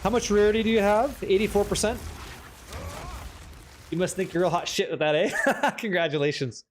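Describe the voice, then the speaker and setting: High-voiced joking streamer man. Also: moderate pace, slight background noise. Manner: joking, swears freely, reads chat aloud. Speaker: livestream gamer. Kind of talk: casual livestream chat.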